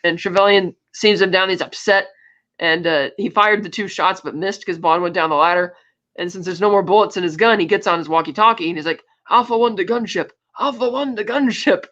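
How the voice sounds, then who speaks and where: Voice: mid-range voice, steady tone, brisk, bright, forceful tone. A podcast co-host casually recapping a film, retelling scenes with loose asides and acted bits of dialogue. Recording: dull lo-fi audio.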